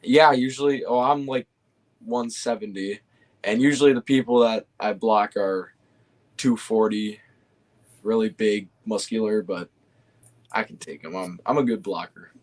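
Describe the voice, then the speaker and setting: A young man chatting casually and easily, often pausing with fillers and restarting his sentences. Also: on the low side. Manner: easygoing, hesitant with fillers and restarts. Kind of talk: casual chat.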